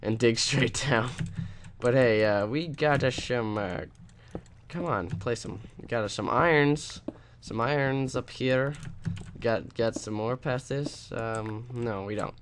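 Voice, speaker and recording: A man's voice: mid-range voice, takes it slowly, noisy background. A young man with a sarcastic, rambling manner, casually chatting while commenting on his own gameplay. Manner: rambling, ranting, sarcastic, with restarts. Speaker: let's play host.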